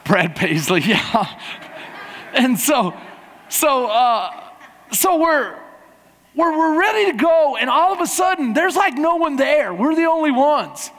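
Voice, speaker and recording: A man preaching as a pastor, telling a funny travel story in a lively way and acting out the people in it. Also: extremely high pitch, slow pace. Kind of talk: sermon with a humorous travel story. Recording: long hall reverb in a church.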